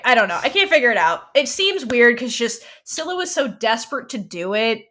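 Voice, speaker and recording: A woman's voice: a little high, a little fast, hardly any pauses. A woman co-hosting a podcast, recapping a TV episode in casual chat, rambling with lots of "like"s and restarts. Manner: rambling, animated, many "like"s and restarts. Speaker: podcast co-host.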